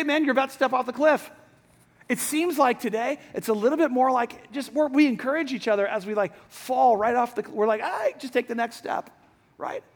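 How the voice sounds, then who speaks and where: A middle-aged man preaching a sermon to a hall audience, chatty and lively, often asking the crowd questions. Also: sits high. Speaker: pastor. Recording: long hall reverb.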